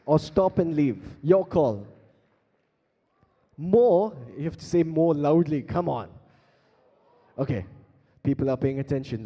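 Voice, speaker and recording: A man with an Indian English accent emcees and beatboxes live on a conference hall stage, cheerfully drawing the crowd in. He has a fairly high, warm voice. The handheld stage mic picks up long reverb from the big hall.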